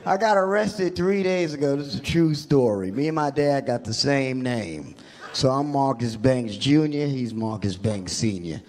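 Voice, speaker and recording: A young man doing a stand-up set on a comedy club stage, animated storytelling with loud bursts, on a handheld mic. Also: mid-range voice, normal speed.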